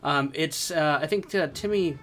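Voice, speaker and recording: A man's voice: fairly high pitch, normal speed, a bit bright. Guy rambling thru a game review, lots of ums, music playing under him. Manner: rambling, many fillers and restarts. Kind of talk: casual game review chat.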